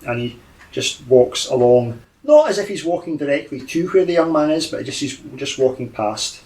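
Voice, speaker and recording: A man's voice: medium pitch, sing-song, moderate pace, a little mellow, reverberant. A man playing a tabletop role-playing game, thinking aloud about plans and describing his character. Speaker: player. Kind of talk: tabletop game play and narration.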